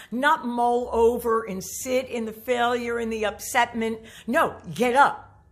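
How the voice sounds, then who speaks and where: A woman's voice: on the high side, a bit bright. A middle-aged woman singing teacher giving a motivational talk to camera, earnest and coaching, often repeating herself.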